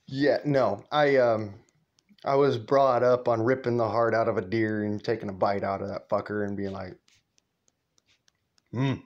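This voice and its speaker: A man's voice: fairly low pitch, little pitch movement, normal speed, highs cut off. A man telling a profane, rambling story, laughing often. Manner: rambling, cussing, laughs a lot. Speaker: vlogger storyteller.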